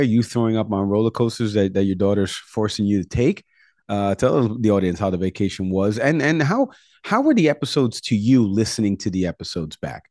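A man with a lowish voice hosts a podcast, giving a brisk, fluent rundown sprinkled with uh fillers. His voice is recorded close on a dry studio mic. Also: a little mellow, dry recording. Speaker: podcast host. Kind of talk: casual podcast talk.

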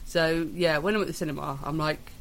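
A woman's voice: deep voice, steady tone, fairly quick. A woman co-hosting a podcast, chatting casually in a rambling, self-deprecating way. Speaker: podcast co-host. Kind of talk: casual chat.

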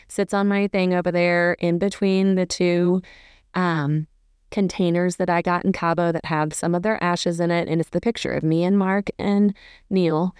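A woman's voice: on the low side, darkish tone, smooth, no room sound, studio quality. A woman hosting a podcast, telling a personal story in a rambling, self-correcting way with fond emotion. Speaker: podcast host.

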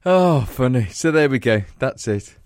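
Animated man telling a story. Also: mid-range voice, a little slow, no echo, clean studio sound. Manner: animated, laughing through stories, acts out voices. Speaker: podcast co-host. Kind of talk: casual storytelling chat.

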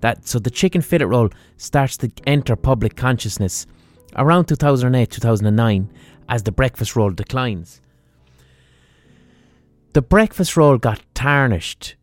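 A man's voice: medium pitch, moderate pace, no echo. Sweary Irish man ranting comically. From Ireland. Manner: animated, sweary, mock-serious. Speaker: podcast host. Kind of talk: comic rant.

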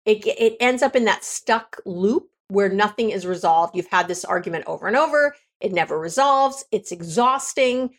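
A woman relationship coach talking candidly on a podcast, conversational and quick to correct herself. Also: medium pitch, lively intonation. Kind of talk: podcast monologue.

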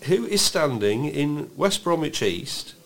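A man co-hosting a casual political podcast, telling stories with incredulous, animated delivery and frequent laughter. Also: fairly high pitch, slow, gravelly. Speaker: podcast co-host.

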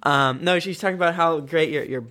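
A man co-hosting a podcast, reading listener reviews aloud with deadpan and mock-dramatic swings. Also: a little high, a little fast, a crowd in the background.

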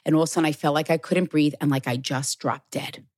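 A woman's voice: low-pitched, fairly even intonation, quick pace, darkish tone, dry recording, clean studio sound. A middle-aged woman working as a medium, telling stories in a casual podcast conversation. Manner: storytelling, relays messages from the dead. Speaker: guest, medium.

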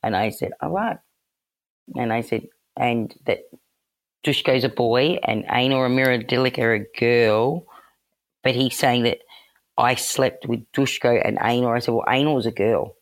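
A woman recounts her own story as a podcast guest. She talks with energy and replays quoted exchanges in lively voices. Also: very deep voice, unhurried. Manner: animated, acts out quoted exchanges, laughs. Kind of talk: personal storytelling.

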